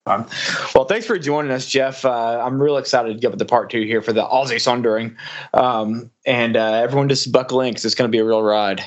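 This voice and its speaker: A man's voice: mid-range voice, fairly even intonation, brisk, highs cut off. A man hosting a podcast, playful and jokey, wrapping up with an upbeat sign-off. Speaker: podcast host. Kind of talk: casual podcast chat and sign-off.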